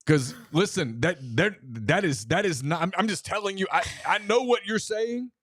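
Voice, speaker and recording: A man's voice: sits high, animated, moderate pace, a bit bright, no echo, studio quality. A man from Louisiana co-hosting a sports talk show, insistent and emphatic, repeating himself to drive a point home. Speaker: co-host.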